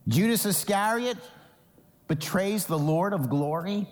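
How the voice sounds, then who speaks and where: A man from New Jersey preaching a sermon as pastor, animated, acting out Bible characters in quoted voices. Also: high-pitched, moderate pace, in a large hall.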